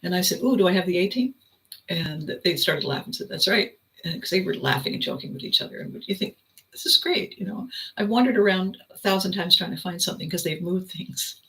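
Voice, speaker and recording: A woman hosting a podcast, telling a story as an animated, laughing storyteller. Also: on the low side, brisk, rough recording. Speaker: podcast host. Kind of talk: reflective storytelling monologue.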